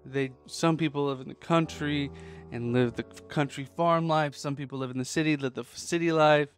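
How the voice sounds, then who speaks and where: A man hosting a podcast, pitching a sports film as a casual, animated story and tossing in quick quoted voices. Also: faint music behind. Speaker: podcast host.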